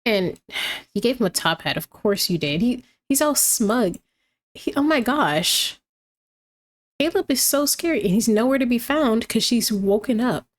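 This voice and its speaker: A woman casually commenting on her gameplay, chatty and lively, talking to the game characters as she goes. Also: on the high side, a little slow. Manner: chatty, reacts aloud, talks to the game characters.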